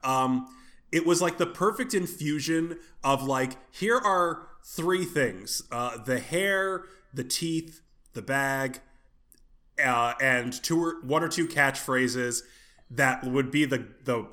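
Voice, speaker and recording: A man's voice: medium pitch, slow pace, sharp tone. A man co-hosting a podcast, talking in a rambling, casual way, restarting his sentences and swearing offhandedly. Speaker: podcast co-host.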